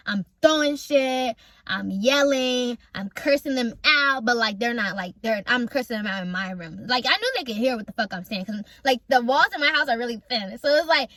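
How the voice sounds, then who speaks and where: A young woman from North Carolina tells a personal story to her viewers in casual, animated chat, swearing often and swinging between loud anger and quiet mumbling. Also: a little high, dry recording. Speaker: vlogger telling a story.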